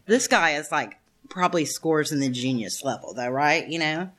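A woman's voice: low voice, animated, moderate pace, fairly bright tone. A middle-aged woman giving a heartfelt, self-deprecating talk to an audience in a meeting room. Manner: chatty and self-deprecating, calls the room "y'all". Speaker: guest speaker at a recovery meeting. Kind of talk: heartfelt personal share to an audience.

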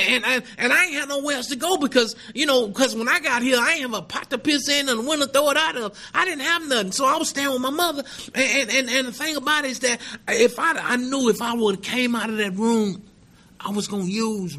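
Middle-aged man, very high and bright voice, emphatic recovery testimony at a meeting. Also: a little fast. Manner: emphatic and earnest, peppered with "man" and "right?". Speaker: recovering addict sharing at a meeting.

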